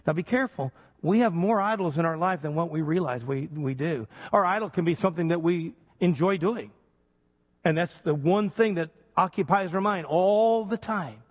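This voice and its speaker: Man, pastor, sermon, high voice, earnest preaching, slows for emphasis, long hall echo.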